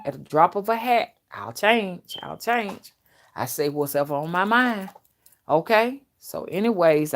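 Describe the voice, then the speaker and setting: An older woman hosting a casual live stream, talking bluntly and loudly to her viewers and laughing often as she reads their comments. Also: medium pitch. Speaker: spiritual reader and live-stream host.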